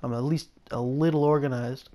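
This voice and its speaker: A young man chats casually while he plays, drifting from thought to thought. His voice sits at an ordinary mid pitch, and his sentences often break off and restart as he muses aloud. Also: steady tone, brisk, mellow. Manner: rambling, musing, self-interrupting. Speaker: gameplay video host. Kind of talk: casual gameplay commentary.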